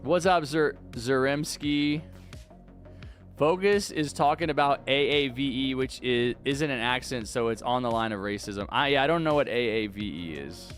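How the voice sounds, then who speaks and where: A man's voice: mid-range voice, normal speed, fairly bright tone, faint music behind. A young man streaming a game at home, talking casually into a desk mic and arguing back at his chat with rambling restarts. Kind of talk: live-stream chat while gaming.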